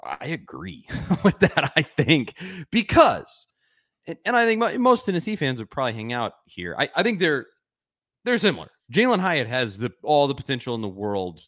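A man's voice: medium pitch, big pitch swings, moderate pace, a bit bright, no echo, studio quality. A man hosting a sports podcast, chatting with enthusiasm and rambling a bit as he restarts his sentences. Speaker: podcast host. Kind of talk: casual sports chat.

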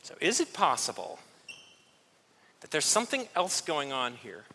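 Man preaching, bright ringing voice, high and animated, conversational and playful, echo of a long hall. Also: unhurried, vocal fry, a little hiss or hum. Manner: conversational, self-deprecating, acts out little scenes. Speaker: pastor. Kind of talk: sermon.

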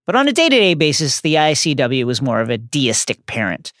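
A man's voice: big pitch swings, brisk, a bit bright, no echo, studio quality. A man co-hosting a podcast, reading book passages aloud with hammy, theatrical flair. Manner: hammy, theatrical reading with big pitch swings. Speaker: podcast co-host. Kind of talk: casual chat and reading aloud.

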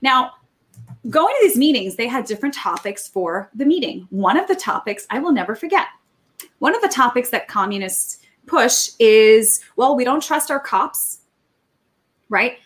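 Brief: high-pitched woman guest, animated storyteller, quick restarts. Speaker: podcast guest. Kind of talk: casual chat, storytelling.

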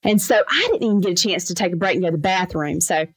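A woman lawyer telling lively anecdotes in a casual interview, acting out the voices of the people in her stories. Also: on the low side, husky, no room sound, poor audio. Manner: animated, fast anecdotes with lively quoted voices. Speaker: trucking lawyer, podcast guest.

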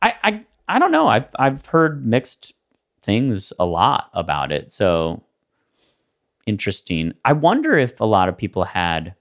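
A man's voice: on the low side, huge pitch swings, unhurried. A man co-hosting a podcast in casual, rambling chat, loose and full of fillers. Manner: laid-back, rambling with many fillers and laughs. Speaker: podcast co-host.

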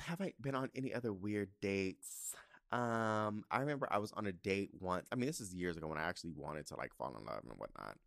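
A man's voice: medium pitch, bright, forceful tone, clear, resonant tone, no echo, clean studio sound. A man hosting a podcast, telling stories in a campy, profane, casual way and acting out his own reactions. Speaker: podcast host. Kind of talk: casual comedic storytelling.

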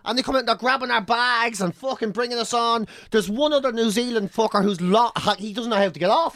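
A man's voice: very high-pitched, a little fast, few pauses, no echo. A man with an Irish accent telling a rowdy travel story in casual chat, swearing freely and building it up for laughs. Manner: animated, profane, swaggering anecdote-telling.

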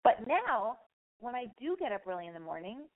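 A hoarse woman with a raspy, worn voice hosts a call-in radio advice show. She talks candidly and rambles, swearing freely as she goes. The sound is narrow and phone-like. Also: fairly high pitch, sing-song, brisk. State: hoarse, losing her voice. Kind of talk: casual call-in radio chat.

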